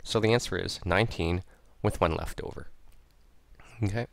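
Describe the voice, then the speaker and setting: A man's voice: low-pitched, normal speed, vocal fry, no room sound. A man teaching math, explaining each step patiently and repeating it aloud as he writes it out. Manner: patient, repeats steps aloud while writing. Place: at a computer, recording a screen lesson.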